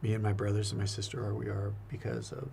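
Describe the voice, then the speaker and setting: Gravelly, earnest priest. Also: male voice, fairly low pitch, flat delivery, fast talker, warm tone, a little hiss or hum. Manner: earnest, reflective, repeats words often. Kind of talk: casual faith conversation.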